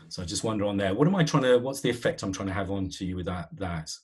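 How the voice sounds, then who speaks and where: A man's voice: on the low side, expressive, fast, few pauses, husky. A man giving a live webinar on presenting skills, talking conversationally with frequent fillers and restarts.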